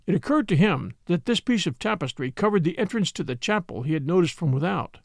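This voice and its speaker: A man narrating a classic story in an expressive reading, voicing the characters. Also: high voice, a little fast, creaky, dry recording, clean studio sound. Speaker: audiobook narrator.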